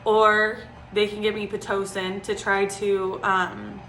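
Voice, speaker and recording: A woman's voice: mid-range voice, little pitch movement, takes it slowly, fairly bright tone, soft background music. A woman in her twenties, telling a personal story in a chatty, casual way, full of "like" and "um". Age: 20s. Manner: chatty, frequent "like" and "um" fillers. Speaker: vlogger. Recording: roomy echo.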